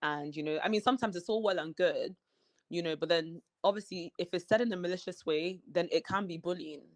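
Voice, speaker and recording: A woman with a somewhat low voice talks as a guest in a relaxed interview. The sound is dry and close, coming through a video call. She is chatty and leans on fillers like "you know". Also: a little fast, no room sound. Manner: talkative, sprinkles in "you know" and "like". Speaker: reality show cast member as guest. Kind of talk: casual interview chat.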